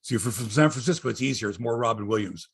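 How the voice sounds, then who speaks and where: A man's voice: medium pitch, racing, creaky, slightly rough. A man hosting a sports podcast, rambling and joking in casual chat. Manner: rambling, jokey, animated.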